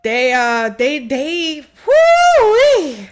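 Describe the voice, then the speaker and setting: A woman's voice: sits high, wildly swooping pitch, very slow, crowd noise. A woman co-hosting a podcast, casually retelling a film plot, acting out quotes and laughing often. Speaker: podcast co-host. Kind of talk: casual movie recap chat.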